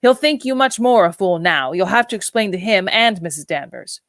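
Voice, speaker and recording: A woman's voice: medium pitch, lively intonation, normal speed, no room sound, studio quality, close to an everyday voice. A woman reading the part of a brusque, impatient upper-class husband who speaks in a clipped, exasperated way.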